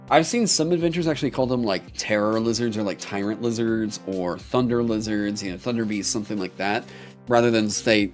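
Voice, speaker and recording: A young man critiquing on a live stream at a middle pitch, reading aloud haltingly with many ums and casual swearing. His talk jumps into excited asides, and faint music plays behind him. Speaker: streamer critiquing game designs.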